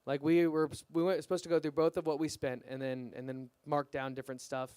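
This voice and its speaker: A young man performing a stand-up comedy set at an open mic, deadpan and self-deprecating, his punchlines trailing off quietly. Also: a little high, a little fast, smooth, no echo. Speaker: stand-up comic.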